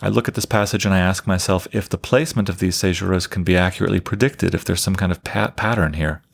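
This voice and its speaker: A man's voice: deep voice, fairly even intonation, fast talker, gravelly, husky. A man giving a methodical, explanatory lecture on poetic meter as a literature teacher. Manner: methodical, explanatory, counts things out loud.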